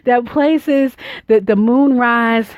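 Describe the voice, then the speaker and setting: A woman's voice: a little high, slow, dry recording, phone-quality sound. A young woman giving an informal spiritual healing talk, emotional and close to tears, laughing and addressing her listeners directly. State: near tears. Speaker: spiritual healer.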